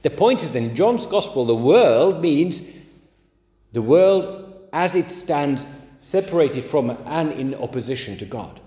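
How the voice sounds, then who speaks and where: A man preaching a sermon, leaning hard and slowly on key words. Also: fairly high pitch, big pitch swings, dark tone. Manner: emphatic, slow stresses on key words. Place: church. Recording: echoey church hall.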